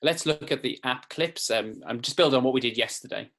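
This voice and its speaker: Talking fairly quickly in a mid-range, fairly bright voice, a man presents an online writing lesson for children in a classroom lesson video. He's friendly and explanatory, using frequent fillers.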